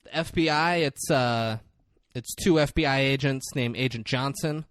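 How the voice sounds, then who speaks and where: A man's voice: medium pitch, moderate pace, fairly bright tone, smooth, no room sound, clean studio sound. A man co-hosting a podcast, casually retelling a film scene and acting out the characters' lines. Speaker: podcast co-host. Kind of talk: casual movie recap chat.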